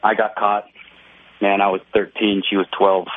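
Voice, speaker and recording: A male caller phoning in to a talk show, telling his story in a flat, laid-back way. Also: on the low side, normal speed, no echo. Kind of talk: phone-in storytelling. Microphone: telephone. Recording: tinny phone line.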